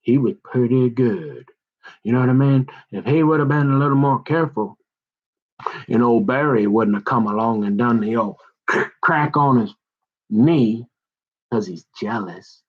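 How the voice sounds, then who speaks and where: A man's voice: mid-range voice, a little slow, pauses often, narrow, tinny audio. A man telling a rambling, joking monologue in folksy slang, with many restarts and asides. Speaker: vlogger.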